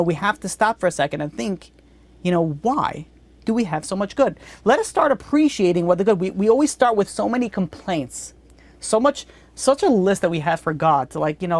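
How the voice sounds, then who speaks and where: A woman's voice: fairly low pitch, no echo. A woman giving a religious lesson in a blunt, conversational way, with frequent restarts. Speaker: Torah teacher.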